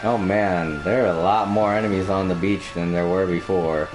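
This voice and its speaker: A man's voice: sits low, fairly even intonation, moderate pace, low-quality recording. A man casually commenting on a video game as he plays, chatty and laughing easily. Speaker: streamer playing a video game. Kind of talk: casual let's-play commentary. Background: game music.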